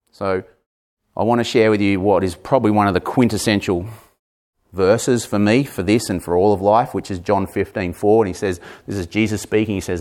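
A man in his forties preaching a sermon, emphatic, repeating words and moving between raised and hushed delivery. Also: lowish voice, brisk. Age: 40s.

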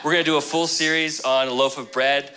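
A man's voice: on the high side, fairly even intonation, a little fast, a crowd in the background, poor audio. A male pastor preaching a sermon in a joking, conversational storytelling way.

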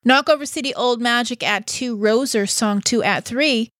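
A woman's voice: fairly high pitch, moderate pace, a bit bright, no room sound, clean studio sound. Breezy woman radio host with a Boston accent. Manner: upbeat, breezy and chatty. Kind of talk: casual radio sign-off chat.

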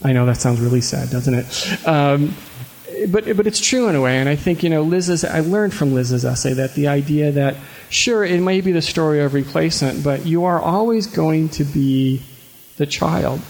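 A man with a gravelly voice hosting a reading, introducing the next reader thoughtfully, with restarts. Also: a little high, moderate pace, a little mellow, poor audio. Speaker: reading series host.

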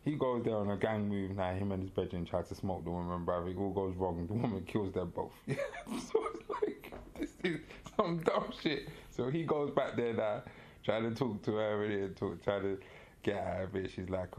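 A man in casual podcast chat, telling a long story with slangy, animated energy. His voice sits low, and he laughs often as he talks. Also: moderate pace. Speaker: podcast co-host.

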